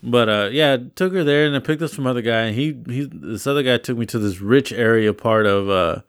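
A man tells rideshare stories on a casual podcast. His pitch sits in an ordinary middle range. He rambles and leaps into excited exclamations. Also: a little fast, clean tone. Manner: rambling, animated retelling with exclamations. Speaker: podcast co-host. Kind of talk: casual storytelling chat.

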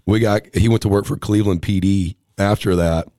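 A man's voice: lowish voice, fairly quick, no echo, clean studio sound. A young man casually telling stories, acting out the voices of people in his anecdotes. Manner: animated, acts out voices in anecdotes. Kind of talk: casual storytelling.

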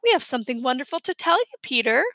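A woman voicing a calm, matter-of-fact mother in a storybook reading. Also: sits high, fast, no echo, exaggerated voice. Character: calm patient mother of two boys.

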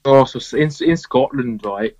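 A man's voice: mid-range voice, moderate pace, darkish tone, no room sound, highs cut off. A man co-hosting a podcast, talking casually with hesitation and self-deprecating remarks. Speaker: podcast co-host. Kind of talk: casual chat.

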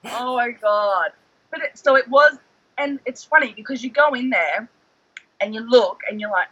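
A man, a guest telling animated stories in casual chat, heavy on the word "like". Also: extremely high pitch, moderate pace, husky, no room sound, dull audio. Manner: excitable, animated storyteller, fillers like "like". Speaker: guest, former reality show contestant.

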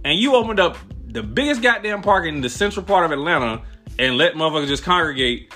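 Profane, animated man ranting. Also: sits high, fast talker, soft background music. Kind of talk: casual rant.

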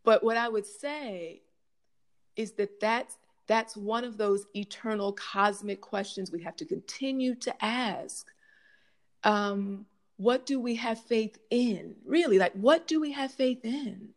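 A woman's voice: on the high side, slow. A middle-aged woman educator answering audience questions in a reflective, impassioned way, full of rhetorical questions. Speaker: guest speaker, college educator. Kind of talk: conversational Q&A answers.

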